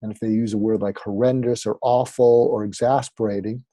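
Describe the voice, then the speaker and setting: A man's voice: on the low side, steady tone, fairly quick, mellow, dry recording. A man, a psychiatrist and author, explaining advice as an interview guest in a conversational way, often with fillers. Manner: conversational, acts out sample dialogue, frequent fillers.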